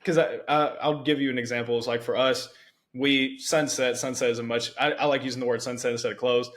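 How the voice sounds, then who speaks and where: Young guy hosting a podcast, talks fast and loose with lots of "it's like" asides. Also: medium pitch. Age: young adult. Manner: animated storytelling with many "it's like" asides. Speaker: podcast host. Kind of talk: conversational interview.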